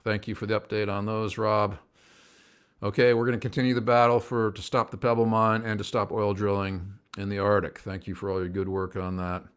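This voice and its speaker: A man's voice: lowish voice, flat delivery, fairly quick, clear, resonant tone. A man hosting a casual livestream show, talking to viewers at home in an earnest, rambling way that sometimes gets worked up. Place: at home by a window, indoors.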